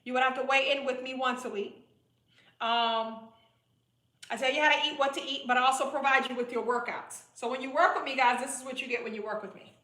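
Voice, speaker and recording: Her voice is high, bright, and forceful, steady in tone and a little fast. She's a weight-loss coach doing a casual live-stream sales pitch, talking straight to viewers in a direct, chatty, repetitive way and calling them "boo," with roomy echo in the audio.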